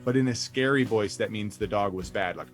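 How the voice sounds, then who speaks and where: A man hosting a comedy stream, reading stage directions aloud in a deadpan way with ad-libbed asides. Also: lowish voice, a little fast, faint music behind. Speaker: host.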